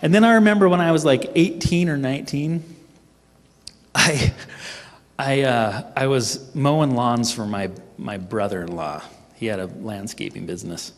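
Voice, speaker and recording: A middle-aged man telling a funny personal story at a team training, animated and self-mocking. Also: mid-range voice, normal speed. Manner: animated, humorous, acts out his own panicked voice. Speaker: speaker at a sales team training. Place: event hall. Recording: echoey hall reverb.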